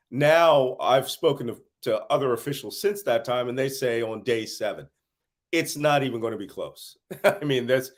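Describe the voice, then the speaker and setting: An exhausted middle-aged intelligence analyst from the United States, with a voice at a typical middle pitch, answers interview questions on a conflict. His answers come as animated stories broken up with laughs.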